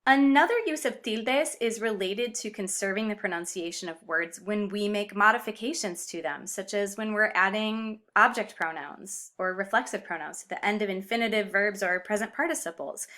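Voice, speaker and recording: A woman explaining grammar in a clear, upbeat video lesson with Spanish example words. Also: mid-range voice, moderate pace, sharp tone. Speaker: Spanish teacher.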